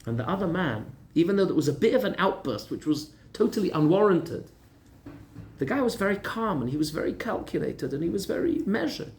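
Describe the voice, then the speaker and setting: Male rabbi, storytelling class, animated, chatty, faint background noise. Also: sits high, a little fast. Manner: animated, conversational storytelling with restarts. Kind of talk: storytelling in a lunchtime Torah class. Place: lecture room in Gibraltar.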